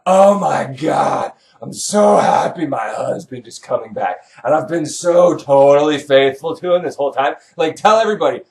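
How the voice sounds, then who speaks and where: A man's voice: fairly high pitch, reverberant, close to an everyday voice. A man doing a smug, falsely sweet queen.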